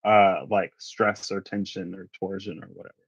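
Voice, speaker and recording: Low-voiced man giving a rambling tarot reading. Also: level tone, moderate pace, husky, dry recording. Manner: rambling, thinks aloud with many asides. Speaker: tarot reader. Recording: dry, slightly muffled recording.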